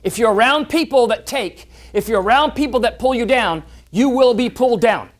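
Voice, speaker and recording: A speaker giving a motivational talk at a club meeting, animated, telling stories and often repeating words on restarts. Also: mid-range voice, moderate pace.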